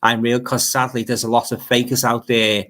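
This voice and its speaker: Liverpool guy rambling on a livestream, reading comments, bright voice, says stuff twice. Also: medium pitch, little pitch movement, moderate pace. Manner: rambling, repeats words, chatty asides. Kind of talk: casual livestream chat.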